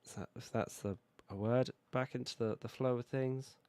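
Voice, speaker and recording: A British man with a hoarse voice from a cold, casually chatting while he builds in a city-building game. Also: medium pitch, normal speed, no room sound. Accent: British English. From Britain. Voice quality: relaxed, rambling, self-correcting. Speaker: video game streamer. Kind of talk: casual gameplay commentary.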